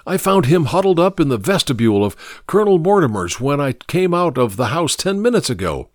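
Man reading as a kind earnest doctor, burly and grave, lively pitch, dry sound. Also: a little fast, dry recording. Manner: earnest, gently hushed. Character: kindly burly doctor, grave and warm-hearted.

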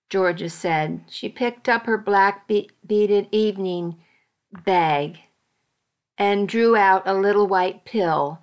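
In a mid-range voice, a woman narrates a story aloud in the first person, speaking slowly and carefully and now and then correcting herself.

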